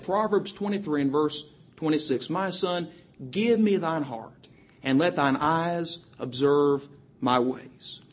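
Preaching to young people, this man speaks in a high-pitched, slightly rough voice. He quotes the Bible in archaic King James language and rattles off verse citations with emphasis.

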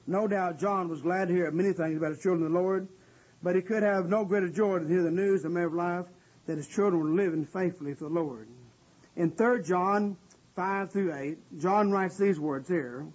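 High-voiced husky male preacher, lo-fi. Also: fairly quick, a little mellow. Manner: earnest, conversational preaching with frequent "uh" fillers. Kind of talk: sermon with scripture exposition. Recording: dull lo-fi recording.

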